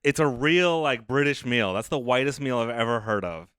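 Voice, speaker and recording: A man's voice: medium pitch, moderate pace, a bit bright, smooth, no room sound, clean studio sound. A man on a comedy podcast telling self-deprecating anecdotes. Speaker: podcast co-host. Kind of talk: casual comedic chat.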